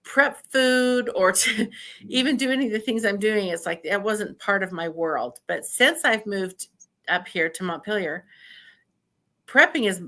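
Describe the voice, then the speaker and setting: An older woman from Idaho, USA, appears as a podcast guest in a casual storytelling interview. Speaking at a medium pitch, she's an animated storyteller who laughs often and acts out what people said.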